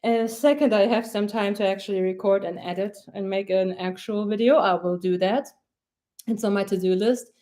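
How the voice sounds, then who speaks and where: A woman's voice: mid-range voice, steady tone, normal speed, mellow. A young woman giving a casual, rambling pep talk as a mindset coach on a live stream, blunt and swearing freely.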